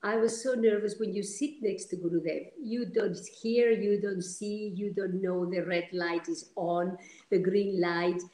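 A woman from Argentina, telling stories as an interview guest in an animated, halting way with many fillers. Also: mid-range voice, reverberant, rough recording. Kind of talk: storytelling in an interview.

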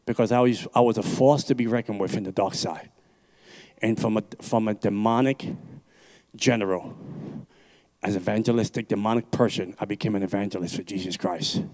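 A man's voice: on the low side, steady tone, a little fast, a little mellow. A man from New York City, an evangelist preaching his personal testimony into a handheld microphone at a church service, intense and emphatic, repeating his phrases.

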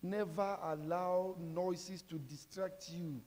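High-voiced preaching pastor in a hall. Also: male voice, takes it slowly, few pauses. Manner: preaching with call-and-response questions and sudden shouts. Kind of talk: sermon. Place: large church hall. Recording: reverberant hall with music behind.

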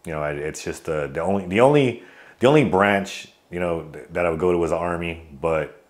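A man's voice: low-pitched, brisk. A man in his thirties from California, an army veteran guest who tells his stories in a loose, rambling way full of fillers and restarts. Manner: outgoing joker telling stories. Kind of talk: casual interview storytelling.

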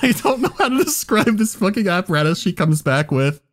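A man's voice: high-pitched, sing-song, fairly quick. A man on a podcast telling a story in casual chat, laughing often and swearing as he goes. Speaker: podcast co-host.

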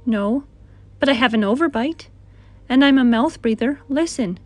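A woman voicing a timid, gentle male monster who breathes through his mouth and speaks mildly. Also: a little high, normal speed, natural voice. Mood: meek. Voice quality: breathy, panting. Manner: mild and apologetic.

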